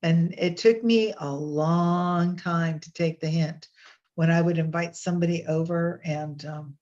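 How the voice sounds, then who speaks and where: A woman's voice: lowish voice, fairly even intonation, a little slow, a little mellow. A woman hosting a casual online session, talking in a chatty, meandering way with fillers and restarts over a video call. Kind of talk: casual spoken reflection with readings. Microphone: webcam on a video call. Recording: slightly dull lo-fi audio.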